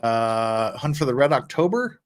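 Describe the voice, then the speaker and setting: An American man hosts a casual livestream, reading viewer messages and chatting loosely. His voice sits at a middle pitch but swings widely as he talks. He rambles, restarts words and chuckles along the way. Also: very animated, unhurried. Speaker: livestream host reading chat.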